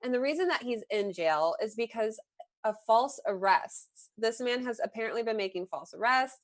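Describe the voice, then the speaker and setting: A woman co-hosting a casual recap show, telling gossip in a chatty, relaxed way. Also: a little high, moderate pace. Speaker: co-host sharing gossip. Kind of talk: casual chat.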